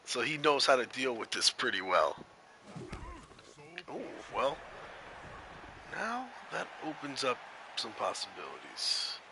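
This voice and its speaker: A man doing play-by-play commentary on an online match, excitable and rambling, often laughing. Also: mid-range voice, slow pace, pauses often, noisy background. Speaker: play-by-play announcer.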